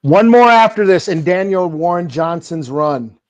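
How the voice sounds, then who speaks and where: Brief: podcast co-host, slightly high voice, eager and casual. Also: male voice, expressive, moderate pace. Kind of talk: casual comic book review.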